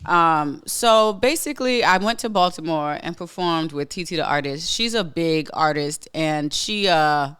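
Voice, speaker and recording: Hosting a casual podcast on his own, a man speaks bluntly and emphatically, repeating lines for effect, often restarting sentences, and using lots of fillers. His voice is a little high, sharp-toned and smooth, a touch slow yet with hardly any pauses.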